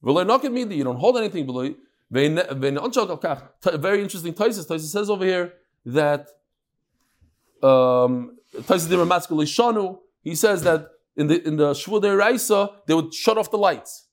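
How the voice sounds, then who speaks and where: A man teaching a daily Talmud class, mixing Hebrew and Aramaic terms into lively English explanations. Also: fairly quick. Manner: animated, jumping pitch and pace.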